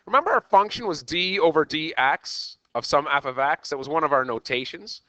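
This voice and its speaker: A man teaching a math lesson as a teacher, animated and checking in with "okay" again and again. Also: fairly high pitch, normal speed, no echo. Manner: animated, repeats "okay" often. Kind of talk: classroom lecture.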